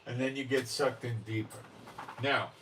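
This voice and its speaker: A man's voice: mid-range voice, steady tone, normal speed, a bit bright, distant mic, slight background noise, low-quality recording. A man hosting religious commentary, talking in a blunt, emphatic, unscripted way and often checking in with the listener.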